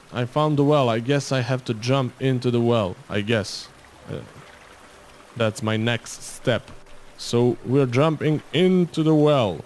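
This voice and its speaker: A man's voice: medium pitch, slow, a little mellow. A man commentating his gameplay, rambling and joking in asides to the viewer. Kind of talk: let's-play game commentary.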